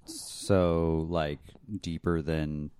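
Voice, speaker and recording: A man's voice: a bass voice, little pitch movement, drawn-out words, darkish tone, clear, resonant tone, no room sound. A man co-hosting a casual podcast, asking questions and tossing in dry jokes. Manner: joking, dry quips and silly asides. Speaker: podcast co-host. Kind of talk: casual chat.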